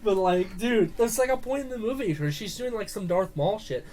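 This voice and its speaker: A man co-hosting a casual movie podcast, ranting in an animated way and swearing often. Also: sits high, normal speed, a crowd in the background. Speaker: podcast co-host. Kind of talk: casual movie review chat.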